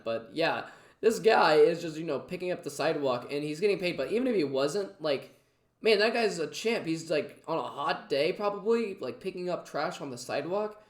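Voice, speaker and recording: A man's voice: a little high, reverberant. A man casually reacting to clips, chatty and full of fillers. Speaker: reaction video host.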